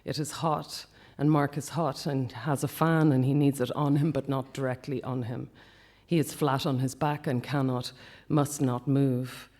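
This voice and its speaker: Guy reading his own memoir piece out loud, soft and measured, goes hushed a lot, middle pitch. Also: level tone. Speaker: speaker reading a personal account.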